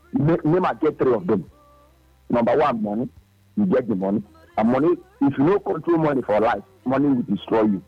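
Nigerian male caller, emphatic and repetitive, husky voice, muffled lo-fi line. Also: high-pitched. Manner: emphatic, repeats himself, mixes Pidgin with English. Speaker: radio caller. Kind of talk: phone-in call to a sports radio show. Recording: dull lo-fi phone line with faint music.

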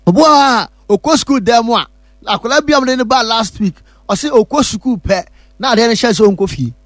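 High-voiced Ghanaian man preaching. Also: lively intonation, fairly quick, a bit bright, dry recording, studio quality. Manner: emphatic, repetitive, preacherly. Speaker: pastor. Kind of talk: testimony and church announcement.

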